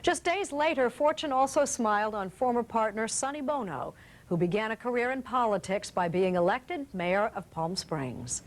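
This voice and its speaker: TV host, woman, scripted narration, lively pitch. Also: normal speed. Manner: polished broadcast delivery. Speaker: news program host.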